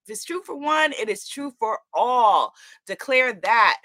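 Woman livestream host, high bright voice, slow and exuberant, affirming tone, dry close sound. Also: expressive, no room sound. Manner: exuberant, affirming, repeats phrases. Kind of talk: spiritual livestream, reading viewer comments.

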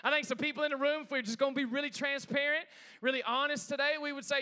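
Pastor, male, high bright voice, energetic sermon with call-outs to the room. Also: fast. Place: church sanctuary with congregation.

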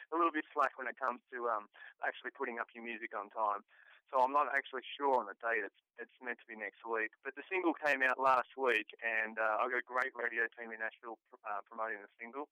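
A man's voice: mid-range voice, clear, resonant tone, dry recording, rough recording. A man with an Australian accent, a country singer chatting casually as a guest in an interview and using local slang. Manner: relaxed, laid-back, uses local slang.

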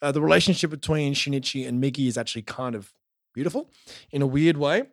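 A man's voice: mid-range voice, fast, no echo, studio quality. A man from Australia casually recapping a show as podcast co-host, telling it with energy and swearing. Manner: animated storytelling with swearing.

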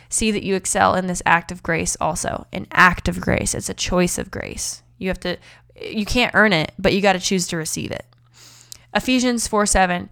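Smooth-voiced upbeat woman podcaster. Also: mid-range voice, a bit bright. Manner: upbeat, chatty, preacher-like emphasis. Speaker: podcast host. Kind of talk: faith-based motivational podcast talk.

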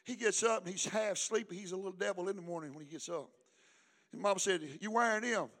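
An older male pastor, preaching a sermon with call-and-response, swinging from hushed talk to shouting. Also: high voice, quick pace.

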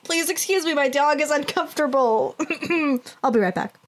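A woman with a fairly high voice hosts a tabletop podcast. She chats loosely and teases her friends between sessions. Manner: teasing, quick to laugh. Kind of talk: casual chat.

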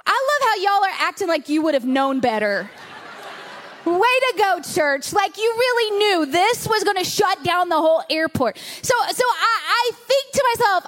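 A woman pastor telling a vivid story to her congregation, animated and dramatic, dropping to a hush at tense moments. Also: extremely high pitch. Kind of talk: storytelling sermon. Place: church stage before a congregation.

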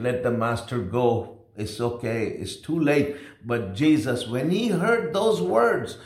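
A man preaching a sermon, repeating phrases emphatically, swinging between loud exclamations and quiet asides. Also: mid-range voice. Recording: roomy echo.

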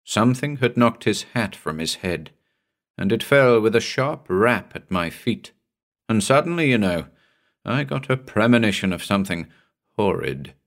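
Low-voiced man reading a horror tale. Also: expressive, normal speed, creaky, a bit bright. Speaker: audiobook narrator. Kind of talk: reading a horror story aloud.

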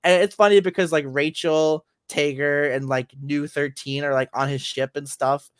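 Podcast co-host, male, a bit high-voiced, rambly and full of fillers, dry close mic. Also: steady tone, normal speed, clear, resonant tone, dry recording. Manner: rambling, many fillers and restarts. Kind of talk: casual chat about games and anime.

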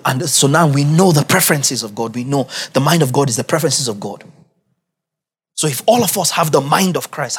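A man preaching a sermon as pastor, emphatic and repetitive, building to raised, shouted peaks. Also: a little high, breathy edge. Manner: emphatic, repeats key phrases, rising to shouts.

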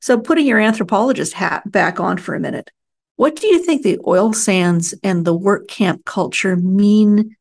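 Gravelly-voiced woman interviewer. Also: on the low side. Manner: thoughtful, measured questions with hesitations. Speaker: podcast host, interviewer. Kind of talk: conversational interview.

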